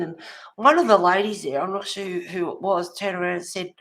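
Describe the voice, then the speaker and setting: Chatty woman, fifty-plus, relaxed livestream host who tells neighbourhood gossip and laughs a lot. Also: fairly low pitch, a little fast, gravelly. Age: 50s or older. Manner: gossipy storytelling, laughs often. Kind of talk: casual chat while colouring.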